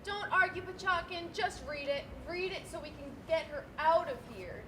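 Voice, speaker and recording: On a school stage, a stage actress performs live as a frantic, harried bank manager, her manner stiff and formal but increasingly exasperated. Her voice is very high and her pace normal, with background noise throughout.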